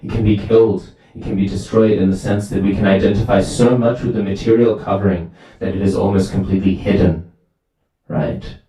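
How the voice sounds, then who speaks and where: Male temple speaker, lively storyteller, low and mellow, recorded from a distance in a reverberant hall. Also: brisk. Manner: lively storytelling, asks "right?" often. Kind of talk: sermon with storytelling. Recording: very echoey hall, far from mic.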